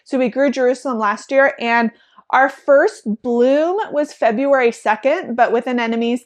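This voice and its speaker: A young woman with a slightly high voice talks casually about her farm in a how-to vlog. She is chatty and bubbly and says "like" a lot. She sounds like a friendly flower farmer sharing tips. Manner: chatty and bubbly, with frequent "like" and laughter.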